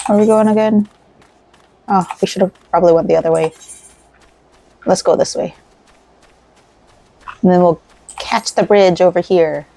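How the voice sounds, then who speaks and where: A woman's voice: lowish voice, fairly even intonation, moderate pace, vocal fry, pauses often, mellow. A woman hosting a casual let's play, chatting in a rambling way and giggling while she crochets. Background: faint game music.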